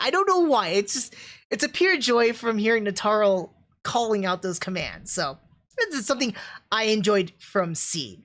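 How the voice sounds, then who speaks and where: Young woman streamer, casual excited review chatter, mid-pitched, lots of fillers. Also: moderate pace.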